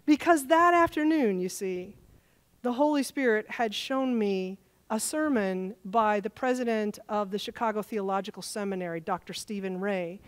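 A woman's voice: medium pitch, moderate pace. A woman pastor preaching a sermon in a church, telling stories and acting out the dialogue in them. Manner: animated storytelling, acting out dialogue. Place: church sanctuary.

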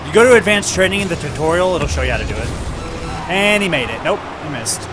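Lively, excitable man on a game stream. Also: on the high side, fast talker, music in the background. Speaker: streamer's teammate. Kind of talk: casual game-stream chat.

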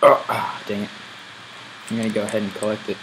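A man's voice: on the low side, level tone, quick pace, fairly bright tone, slight background noise, rough recording. A man casually commenting while he plays a game, thinking aloud as he goes. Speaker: gameplay video host.

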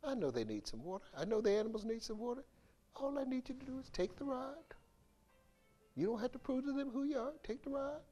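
A man voicing God as a patient, gentle speaker who talks softly and soothingly in a sermon. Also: very high voice, lively intonation, fast, faint music behind. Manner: hushed, soothing, coaxing.

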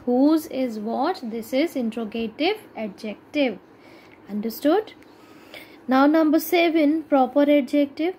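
A woman's voice: fairly high pitch, darkish tone, slight background noise, rough recording. A woman teacher with an Indian English accent giving a grammar lesson to schoolchildren, explaining step by step and asking checking questions.

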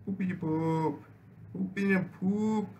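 A man's voice: high-pitched, steady tone, takes it slowly. A young man giving casual, profane gameplay commentary, rambling and restarting his sentences. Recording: game music playing behind voice.

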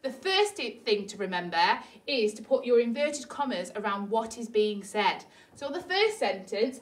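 A woman teaching a primary school lesson, speaking slowly and carefully and giving the example sentences a lively lilt. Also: recorded from a distance. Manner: slow, careful, lively pitch when reading example lines. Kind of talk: classroom lesson explanation.

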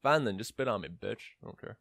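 A man's voice: fairly low pitch, expressive, fast talker, creaky, a bit bright, no echo, clean studio sound. A young man giving casual let's-play commentary, rambling with joking asides as he plays. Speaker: gamer.

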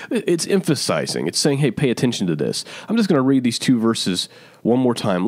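A man preaching with urgent, emphatic insistence, returning to his point again and again. His voice sits low. The sound is dry and close, with no room around it. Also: no echo. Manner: urgent, emphatic, repetitive exhortation. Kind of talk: online sermon teaching.

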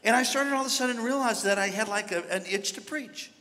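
Pastor, man, sermon delivery; bright, forceful tone, rising to shouts, church reverb. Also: extremely high pitch, quick pace. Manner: storytelling, builds to shouting. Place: large church hall. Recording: hall reverb from a big church.

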